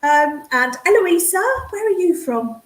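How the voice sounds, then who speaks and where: High, animated woman hosting a chatty live stream, echoey room. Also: a little slow. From English Midlands. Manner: excitable, chatty, calls viewers darling and hun. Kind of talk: casual livestream chat with viewers. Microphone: computer mic on a streaming setup.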